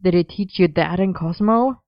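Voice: mid-range voice, normal speed, no echo, muffled recording, lightly acted. A narrator voicing an exasperated but fond young man in a story reading, dry and amused. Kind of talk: audiobook reading of a romance story.

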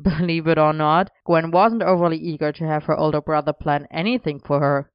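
A woman's voice: mid-range voice, moderate pace, smooth, no room sound, lo-fi sound, lightly acted. A woman voicing a boisterous, bossy young man who lays down the rules with wry insistence, in a storybook reading. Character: boisterous, bossy older-brother type man.

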